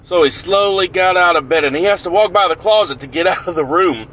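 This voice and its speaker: A man telling a comic prank story in an animated, profane, punchy way. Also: high-pitched, brisk, muffled recording, a little hiss or hum.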